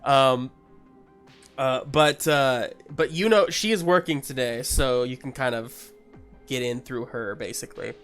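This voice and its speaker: A man runs a tabletop game as its game master. He narrates loosely and leans on plenty of fillers, speaking at a middling pitch. Faint music sits underneath. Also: measured pace, fairly bright tone.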